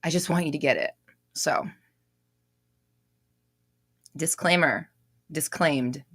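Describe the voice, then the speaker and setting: A young woman hosting a casual live stream, reading out comments, loud and expressive, laughing often and swearing casually. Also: deep voice, moderate pace, slightly rough, no room sound, studio quality.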